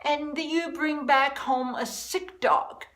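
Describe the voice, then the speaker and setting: A woman's voice: high-pitched, fairly even intonation, takes it slowly, fairly bright tone, low-quality recording. A woman vlogger delivering a furious, repetitive rant to the camera. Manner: furious, repeating herself, emphatic.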